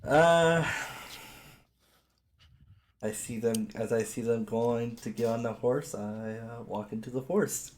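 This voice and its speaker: A man's voice: mid-range voice, slow, pauses often, a little hiss or hum. A man playing a tabletop game, easygoing and chuckling often as he describes his character's moves. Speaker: player. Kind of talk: casual tabletop play.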